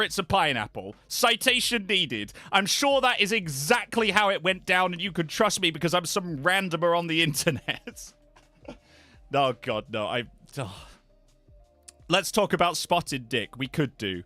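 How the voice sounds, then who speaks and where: A man's voice: sits high, bright, forceful tone, dry recording. A British man chatting on a live stream in a playful, rambling way, often trailing off into mumbles. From Britain. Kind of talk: casual live-stream chat.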